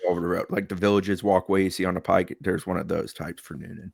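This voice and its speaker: A man on a sports podcast panel, talking casually and explaining his points in a measured, detailed way. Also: deep voice, level tone, creaky, no echo, clean studio sound.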